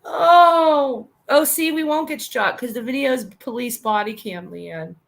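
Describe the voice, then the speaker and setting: A woman in her thirties co-hosts a podcast, chatting casually, reading live comments aloud and telling quick stories while giggling a lot. Her voice is fairly high, with lively intonation and vocal fry.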